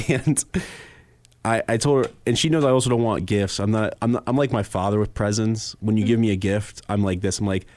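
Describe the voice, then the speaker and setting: A man's voice: lowish voice, brisk, no room sound. A young man hosting a podcast, telling a story with lots of acted-out quotes. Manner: animated storyteller, acts out quoted voices. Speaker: podcast host. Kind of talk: casual chat, storytelling.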